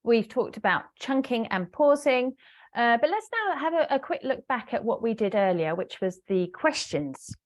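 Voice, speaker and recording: A woman business English trainer giving an online webinar, explaining step by step with frequent fillers and pauses. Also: a little high, big pitch swings. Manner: hesitant fillers, explanatory, talks to a live audience.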